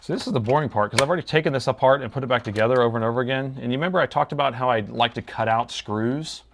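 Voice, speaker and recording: A man's voice: medium pitch, rapid-fire, vocal fry. A man chatting casually with his live-stream viewers while he repairs a laptop, talking to himself as he works.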